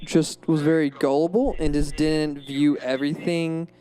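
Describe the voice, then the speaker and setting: Halting young man talking films. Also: fairly high pitch, flat delivery, dark tone. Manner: halting, restarts often. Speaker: film review panelist. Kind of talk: casual film discussion.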